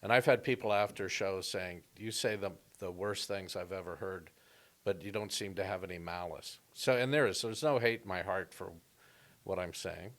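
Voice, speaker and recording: A man's voice: sits low, normal speed. A man who works as a comedian, telling stories and joking in a casual podcast conversation. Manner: storytelling, animated and joking.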